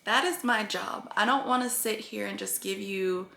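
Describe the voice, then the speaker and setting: A woman's voice: mid-range voice, moderate pace, gravelly, bright, forceful tone, reverberant. A woman talking earnestly to her viewers in a rambling vlog about her weight-loss progress. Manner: earnest, rambling, tearful at times. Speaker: vlogger.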